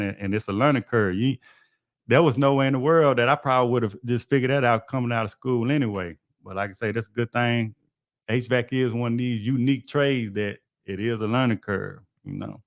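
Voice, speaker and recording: A man with a mid-range voice hosts a livestream, spinning stories from his work as an HVAC technician in a relaxed, folksy manner. The sound is clean and studio-grade with no echo.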